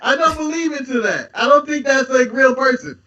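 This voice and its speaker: A man's voice: extremely high pitch, brisk, distant mic, noisy background. A man co-hosting a casual podcast chat, speaking emphatically and laughing often. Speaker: podcast co-host. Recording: dull audio from off-mic.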